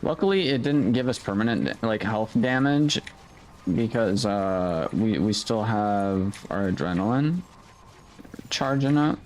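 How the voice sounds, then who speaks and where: A man giving relaxed, unbothered commentary while playing a video game. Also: lowish voice, unhurried, a little hiss or hum. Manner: laid-back, unbothered remarks while playing. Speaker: gaming channel host. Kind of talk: casual gameplay commentary.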